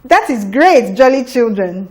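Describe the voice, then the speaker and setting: A woman leads a phonics lesson for young children. Her voice sits a little high, and she speaks very slowly. She sounds out each letter with deliberate care. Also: sing-song, darkish tone, slight background noise. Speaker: phonics teacher.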